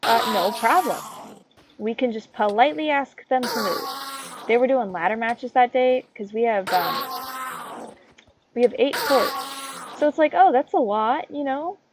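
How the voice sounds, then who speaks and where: A woman's voice: fairly high pitch, a little slow, long pauses. A teenage girl in a casual rant, rambling through a story with many fillers and tangents. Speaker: vlogger. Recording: loud background noise and clicks.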